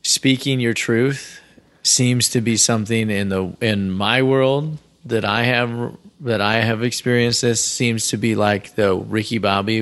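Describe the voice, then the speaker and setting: A man co-hosting a casual couples podcast, talking in a measured, explanatory way and retelling conversations step by step. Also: lowish voice, fairly even intonation, a bit bright. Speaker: podcast co-host.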